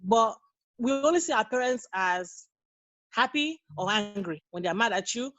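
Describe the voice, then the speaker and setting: A woman's voice: a little high, expressive, normal speed, a bit bright, dry recording, poor audio. A woman in her thirties, a guest on a podcast, talking earnestly and telling stories in a casual interview. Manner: earnest, storytelling, acts out quoted dialogue. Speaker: guest, nurse and mother.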